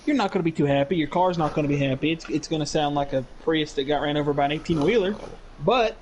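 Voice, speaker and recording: A man co-commentating on a sim race, throwing in dry, quick-witted quips. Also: a little high, a little mellow, a little hiss or hum. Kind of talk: live sim racing commentary.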